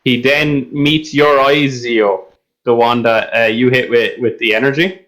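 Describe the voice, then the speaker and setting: A man's voice: medium pitch, steady tone, measured pace, a bit bright, rough recording. A man narrating as game master in a rambling, hesitant way with many fillers.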